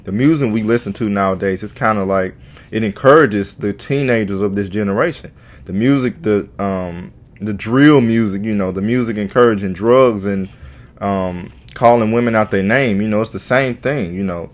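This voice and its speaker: Casting: man, lowish voice, loose rambling vlog commentary, lots of "you know". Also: moderate pace. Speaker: YouTuber reacting to news.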